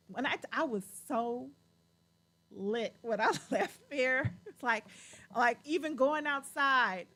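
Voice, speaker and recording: A woman hosting a show, chatting casually in an animated way and laughing often. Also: high-pitched, takes it slowly. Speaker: show host. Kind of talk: casual chat.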